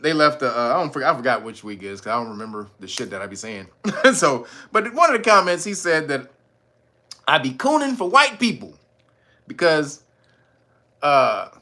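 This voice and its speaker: A man hosting a livestream, reacting to news in casual slang and laughing often. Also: a little high. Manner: laughs a lot, slangy, animated. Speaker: livestream host.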